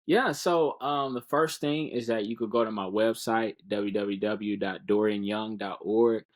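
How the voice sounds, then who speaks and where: Low-voiced guy on a podcast, earnest and encouraging, kinda restarts his words a lot. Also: a little slow. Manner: earnest, encouraging, repeats words while searching for them. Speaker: guest speaker. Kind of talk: casual podcast interview.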